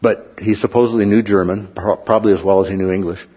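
A man preaching a sermon, telling stories with lively asides and reading scripture aloud. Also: lowish voice, quick pace, highs cut off. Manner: animated storytelling with asides.

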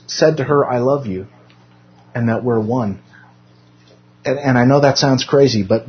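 A man's voice: medium pitch, lo-fi sound, a little hiss or hum. Man teaching a casual Sunday class. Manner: conversational, self-deprecating, with frequent restarts. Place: church classroom.

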